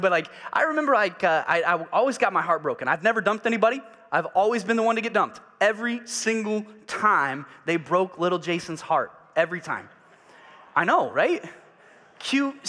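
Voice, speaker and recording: A man preaching in a church sanctuary, his high, bright voice carrying a long hall reverb. He swings between fervent, loud exhortation and hushed, confiding asides, and stops to have the room repeat lines back to him. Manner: leads congregation in call and response. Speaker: pastor. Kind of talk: sermon.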